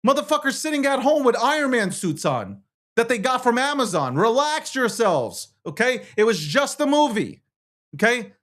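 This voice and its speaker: A man's voice: extremely high pitch, sing-song, normal speed, a bit bright. A man hosting a talk show, ranting in a profane, combative way as he reads social media posts aloud and argues back at them. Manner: profane, combative, heated rant. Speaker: show host.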